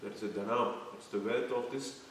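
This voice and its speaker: A man's voice: fairly low pitch, steady tone, fairly quick, fairly bright tone, slight background noise. A man giving a devotional scripture lecture, explaining terms one by one and quizzing his listeners. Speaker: scripture class teacher. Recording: echoey room, mic far off.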